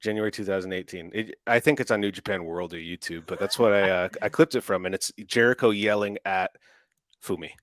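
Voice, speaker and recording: A man co-hosting a casual podcast, relaxed and rambling, restarting his sentences often. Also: sits low, brisk, no echo. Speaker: podcast co-host and audio editor.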